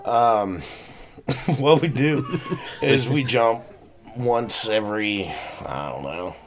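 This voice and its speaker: A man's voice: medium pitch, animated, slow pace. Laid-back man telling funny stories. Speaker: guest. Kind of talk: casual storytelling.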